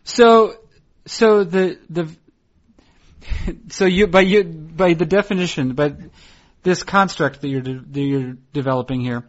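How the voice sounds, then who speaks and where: Young man, higher voice, halting restarts, curious questions, laughs mid-sentence, slightly dull audio. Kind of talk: casual banter.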